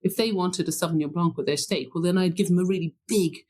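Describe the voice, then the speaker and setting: A middle-aged woman, a former sommelier, telling lively anecdotes in an interview, laughing often and acting out the lines she quotes. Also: fairly low pitch, quick pace. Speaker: wine buyer and former sommelier. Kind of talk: storytelling interview chat.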